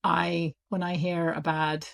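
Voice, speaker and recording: A woman's voice: on the low side, gravelly. A woman with a British accent, an audiobook publisher talking casually and animatedly as an interview guest. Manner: animated, chatty, quick asides with laughs.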